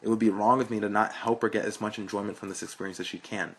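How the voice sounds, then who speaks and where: A man's voice: fairly low pitch, fairly even intonation, quick pace, slight background noise. A young man reading a story aloud in a frank, blunt, profane way. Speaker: narrator.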